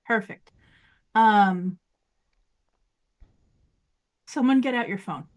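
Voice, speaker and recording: A woman's voice: mid-range voice, unhurried. A woman playing a tabletop game, laying out her plans aloud with frequent fillers. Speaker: player. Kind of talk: casual tabletop play.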